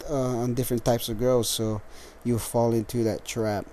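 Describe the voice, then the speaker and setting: A tired, lethargic man hosting a casual solo podcast, rambling with halting restarts and frequent swearing. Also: medium pitch, level tone, mellow, a little hiss or hum. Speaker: podcast host.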